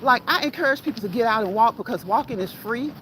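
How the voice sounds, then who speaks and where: A woman's voice: fairly high pitch, lively intonation, fast talker, poor audio. A woman hosting a casual walk-and-talk fitness livestream, chatting with her live chat and laughing often as she walks outdoors with her phone. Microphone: phone held while walking. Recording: outdoor phone audio with loud background noise.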